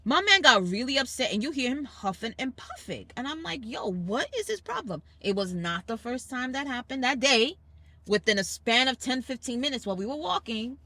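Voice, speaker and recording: New york lady telling it like it is, bright sharp voice, acts out the quotes, chatting in the car. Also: sits high, fairly quick, no room sound. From Brooklyn, New York. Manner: animated storyteller, acting out quoted people, emphatic. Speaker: podcast host. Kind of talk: casual family chat. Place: car on a school commute.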